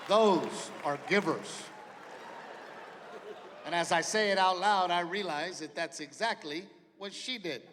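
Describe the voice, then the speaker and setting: A middle-aged man working a live stand-up set, brash and profane, voicing the people in his stories as he goes. His voice sits high for a man. It rings through a big hall with long reverb and the clear noise of the crowd. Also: unhurried. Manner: brash, profane storytelling with acted-out quotes. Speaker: stand-up comedian. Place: large theater stage with a live audience.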